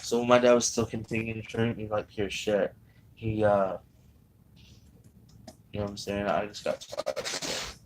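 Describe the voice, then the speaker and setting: A man with a lowish voice tells a long personal story, swearing often and circling back with fillers and restarts. A faint hum of noise sits under him. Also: fairly even intonation, normal speed, long pauses, low-quality recording. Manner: profane, rambling, many fillers and restarts. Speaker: vlogger telling his life story.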